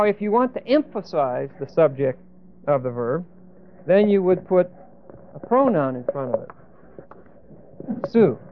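A man's voice: fairly high pitch, a little hiss or hum. A man teaching a Bible passage in an explanatory, emphatic way, often checking in with "okay?" and "see?". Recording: tinny phone-like lo-fi sound.

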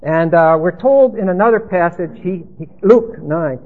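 Husky high-voiced male preacher. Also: unhurried. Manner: emphatic, rambling teaching. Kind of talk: expository sermon. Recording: tinny phone-like sound.

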